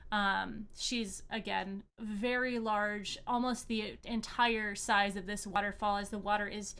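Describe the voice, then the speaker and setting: A woman acting as game master, narrating a tabletop game with many pauses and fillers. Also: medium pitch, fairly even intonation, a bit bright, clear, resonant tone. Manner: hesitant, many fillers and restarts.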